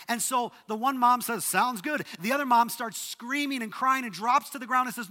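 A man preaching in a sermon, his voice high and bright. He retells the story with sweeping rises and sudden hushed drops, and long reverb trails after him as in a large hall. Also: normal speed, hardly any pauses. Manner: dramatic retelling, voice rises and drops to near whisper. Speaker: pastor.

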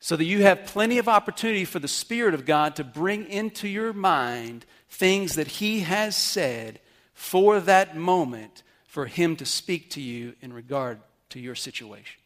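Pastor guy preaching, bit high voice, earnest teaching tone. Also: expressive, a little slow, a bit bright. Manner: earnest teaching with questions to the congregation. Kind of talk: sermon. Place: church service.

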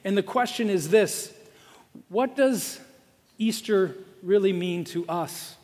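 Man, pastor, sermon, high voice, long hall echo. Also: measured pace. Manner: storytelling, lively, with fillers.

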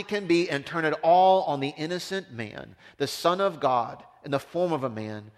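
A man preaching a sermon as a pastor, impassioned, swinging from loud emphasis down to hushed, low tones. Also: normal speed, hardly any pauses. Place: church. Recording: long reverb of a large hall.

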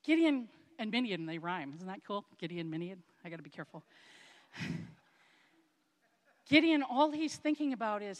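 A woman's voice: sing-song, moderate pace, long pauses. Woman preaching a chatty sermon in a hall. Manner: conversational and self-deprecating, with asides; acts out quoted speech with raised pitch.

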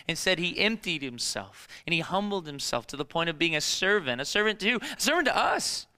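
A man preaching a sermon in a dramatic storytelling way, moving between hushed and emphatic delivery. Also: high voice, sing-song, a little fast, hardly any pauses, clear, resonant tone. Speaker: pastor.

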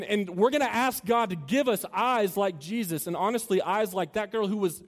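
A man preaches to a student crowd, shifting between loose, joking asides and earnest, building appeals. His voice sits a little high for a man. It rings out with the long reverb of a large hall. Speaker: campus minister.

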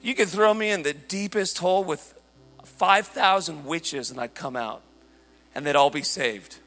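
A man preaching a sermon, telling a story in an animated way and shouting at the high points. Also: a little slow. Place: church hall. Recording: large hall reverb with faint music.

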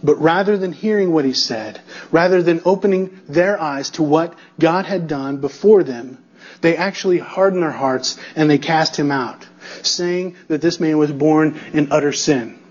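Emphatic high-voiced male preacher, husky. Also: a little slow, highs cut off. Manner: emphatic, building repetition with rhetorical checks. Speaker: pastor. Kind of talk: expository sermon.

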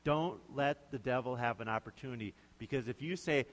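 A man's voice: mid-range voice, lively intonation, brisk. A male pastor preaching a sermon in a conversational, emphatic way, often putting questions to his listeners. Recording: long hall reverb.

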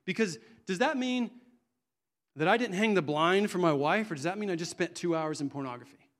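A man's voice: high-pitched, animated, fairly quick. A middle-aged man preaching a sermon in an earnest, conversational way, often restarting his sentences.

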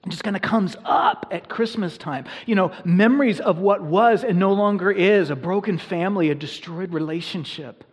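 A man's voice: high-pitched, husky. A man preaching a sermon to his congregation in a church, in an earnest, conversational manner that builds in intensity. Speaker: pastor. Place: church sanctuary.

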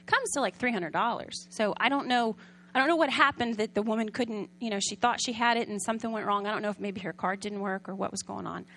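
A fast-talking woman of medium pitch preaches a sermon like she's telling a story in conversation. She often asks the audience questions and at times goes soft and quiet.

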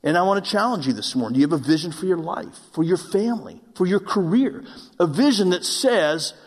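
Brief: male pastor, fairly high voice, self-mocking storyteller turning earnest, long hall reverb of a church. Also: lively intonation, brisk. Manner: earnest preaching to a congregation. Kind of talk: sermon.

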